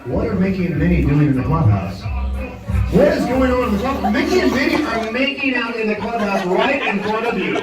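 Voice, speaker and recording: Male stage hypnotist, high voice, dramatic storyteller, taped from afar in a booming hall with crowd laughter. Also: fairly quick, distant mic, loud music behind the voice. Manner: dramatic, animated storytelling with sudden shouts. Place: school event hall with an audience. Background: audience laughter.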